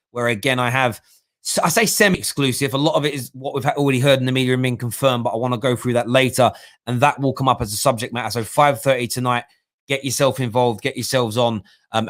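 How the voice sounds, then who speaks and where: A man's voice: medium pitch, a bit bright. A man hosting a live-streamed football fan talk show, giving opinionated analysis and thinking aloud with restarts.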